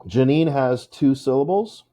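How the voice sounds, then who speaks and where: A man teaching English in a recorded lesson, his voice mellow and dark and rising and falling a lot. He talks at an unhurried pace and stretches out syllables to show where the stress falls. Now and then he jokes with his students. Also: mid-range voice. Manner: lively, joking, drawn-out stressed syllables. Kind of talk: classroom video lesson.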